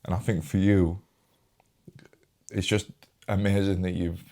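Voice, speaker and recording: Deep-voiced man, tearful. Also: level tone, dark tone. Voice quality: informal, swears often, halting and repetitive. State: holding back tears. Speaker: podcast host. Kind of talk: emotional casual conversation.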